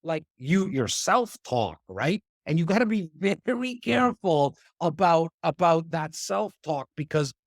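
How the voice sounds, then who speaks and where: A fairly high-voiced man chats as a podcast guest, lively and conversational, doubling back on his words as he goes. The sound is close and dry, with no room heard. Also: measured pace, few pauses, no room sound. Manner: animated, conversational, repeats words as he talks. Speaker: real estate investor and speaker. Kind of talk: casual interview chat.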